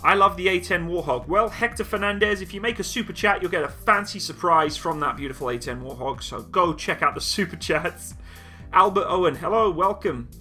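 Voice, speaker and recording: A man hosting a live-stream Q&A, reading viewer questions aloud and answering with easy, self-mocking banter. His voice sits a little high and has a bright, forceful edge. Faint music plays behind him. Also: expressive, brisk. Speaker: military video channel host.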